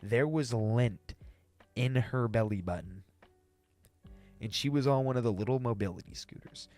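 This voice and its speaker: A man's voice: moderate pace, darkish tone, soft background music. A young man telling a casual retail story time, ranting and swearing, his voice jumping up when he gets exasperated. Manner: ranting, swings high when exasperated, profane.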